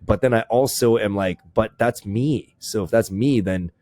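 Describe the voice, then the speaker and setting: Low-voiced rambling male podcast host. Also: moderate pace, a little mellow, no room sound, clean studio sound. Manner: rambling, swears freely, restarts a lot. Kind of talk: casual chat.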